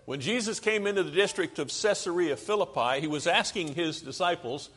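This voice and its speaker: A man's voice: fairly high pitch, expressive, brisk, few pauses, a bit bright, slightly rough. A man preaching a sermon in a church, often asking the congregation questions and then answering them himself. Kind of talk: sermon with slides. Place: church sanctuary. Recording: long hall reverb.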